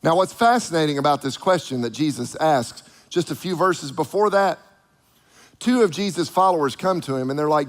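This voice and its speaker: A man preaching a sermon in an animated way, acting out the voices of the people he quotes. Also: fairly high pitch, moderate pace, long reverb tail.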